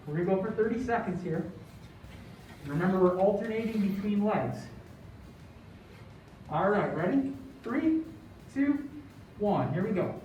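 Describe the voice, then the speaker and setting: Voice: medium pitch, lively intonation, normal speed, long pauses, darkish tone, slight background noise. Fitness coach in an echoey room. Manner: encouraging, counts down between exercises. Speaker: fitness instructor. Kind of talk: instructional workout coaching. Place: large echoey room, broadcast workout. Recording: echoey room, distant dull mic.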